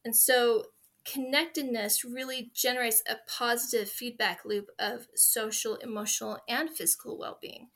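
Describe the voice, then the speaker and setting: A woman in her forties speaks as an interview guest, sharing stories in an earnest, heartfelt way. Her voice sits a little high with a very bright, clear tone. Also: steady tone, moderate pace. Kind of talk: conversational interview.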